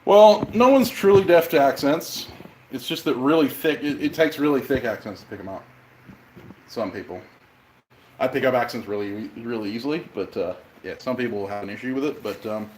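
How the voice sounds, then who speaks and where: A man's voice: mid-range voice, expressive, normal speed, a little mellow, roomy sound, a little hiss or hum, rough recording. Chatty man with a light Australian accent. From Western Australia. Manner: chatty, rambling, mild swearing. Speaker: bladesmith livestreamer. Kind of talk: casual livestream chat, answering viewers.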